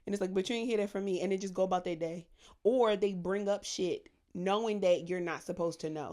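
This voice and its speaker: A woman co-hosting a podcast in casual chat, an animated storyteller who swears freely and acts out gossip in high mock voices. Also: brisk. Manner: profane, slangy. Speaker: podcast co-host.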